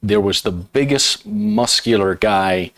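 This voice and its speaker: A man hosting a casual live chat and telling a story, trailing off softly at the ends of thoughts. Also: fairly low pitch, takes it slowly, dry recording. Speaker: host.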